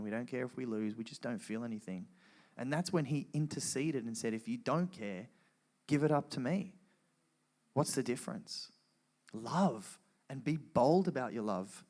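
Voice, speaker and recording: Earnest man telling his faith story. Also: medium pitch. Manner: earnest storytelling, acts out his own dialogue; soft and quiet in grave parts, loud and excited in lively parts. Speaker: guest speaker at a church event. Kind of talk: personal faith testimony to a live audience.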